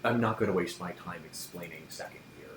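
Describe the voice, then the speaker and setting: A man's voice: deep voice, brisk, noisy background, lightly acted. A man voicing a stern, intense male magic professor who talks curtly and formally, in an echoey room. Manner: curt, formal and impatient.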